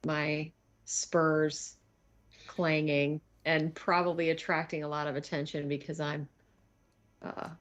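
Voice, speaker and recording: A woman's voice: low-pitched, level tone, takes it slowly. Hesitant woman player at a game table. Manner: hesitant, stammering restarts. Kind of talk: casual tabletop role-play.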